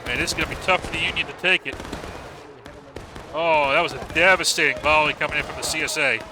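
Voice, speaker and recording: A man casting a large online battle match live, excitable and profane, urging players on and praising plays. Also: fairly high pitch, fast talker, background noise. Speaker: match caster. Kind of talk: live game commentary.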